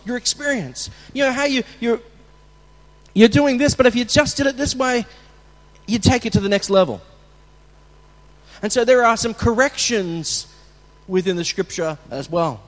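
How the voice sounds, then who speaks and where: A man preaching as a pastor, talking in a conversational way with restarts and bursts of acted shouting. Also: high-pitched. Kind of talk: sermon. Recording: long hall reverb.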